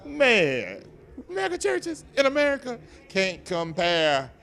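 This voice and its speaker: Older Southern man, lively pitch, playful teasing guest, bright tone. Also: takes it slowly. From Nashville, US South. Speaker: guest, TV show host. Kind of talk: casual interview chat. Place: event venue, indoors.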